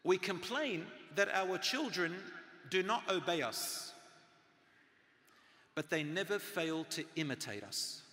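A man in his forties giving a live talk to an audience, with loud and soft swings and near-whispered asides for emphasis. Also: high-pitched, animated, slow, long pauses. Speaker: speaker on parenting and teaching. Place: large hall with a live audience. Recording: long hall reverb from a live talk.

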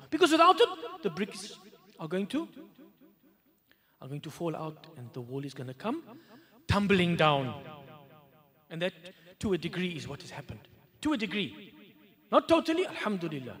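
Animated man preaching. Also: high-pitched, brisk. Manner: animated, rhetorical questions, recites Arabic verses then translates. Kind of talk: sermon.

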